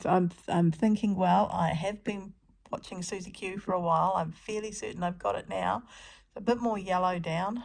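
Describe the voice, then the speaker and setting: A middle-aged woman talks through her crafting in a casual, self-deprecating ramble, stumbling over her words and filling pauses with ums. Her voice sits a little low and carries a gravelly fry. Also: steady tone, darkish tone. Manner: chatty, self-deprecating, with many ums and restarts. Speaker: crafting vlogger.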